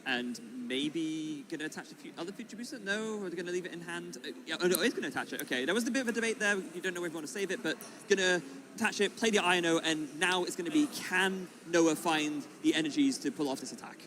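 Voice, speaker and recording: Fast-talking man reacting to plays. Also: fairly high pitch, noisy background. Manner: quick reactive color commentary with fillers and laughs. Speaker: co-commentator. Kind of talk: live card game commentary.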